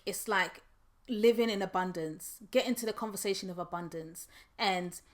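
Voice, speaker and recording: A woman author reflecting on her own book in a candid, earnest personal monologue, loosely conversational and framed by her faith. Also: mid-range voice. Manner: conversational, with frequent restarts and "like".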